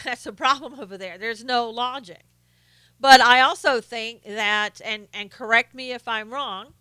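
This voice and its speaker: A woman's voice: on the high side, sharp tone, clear, resonant tone, dry recording. A woman hosting a live stream, giving opinionated casual political commentary and greeting chat viewers by name, with many fillers and restarts.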